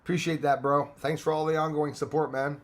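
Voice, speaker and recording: A man's voice: on the high side, level tone, fairly quick. A middle-aged man from Canada hosting a casual live stream, greeting viewers by name and sometimes switching into French.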